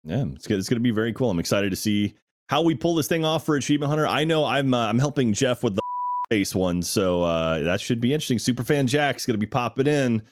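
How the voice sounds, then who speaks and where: A man's voice: mid-range voice, lively intonation, fast talker, no echo. A man hosting a podcast, talking in an earnest, casual way and thanking supporters. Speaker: podcast host. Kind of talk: casual chat.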